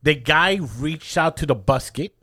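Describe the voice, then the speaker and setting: A man teasing and ribbing the others in casual podcast chat, loud and profane. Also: a little high, a little slow.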